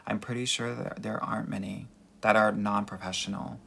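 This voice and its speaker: Gravelly-voiced man with Valley Girl manner. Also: fairly low pitch, fairly even intonation, moderate pace, pushed and bright, slight background noise. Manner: chatty, calls viewers girl and honey. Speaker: dating coach. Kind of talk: livestream Q&A answering chat comments.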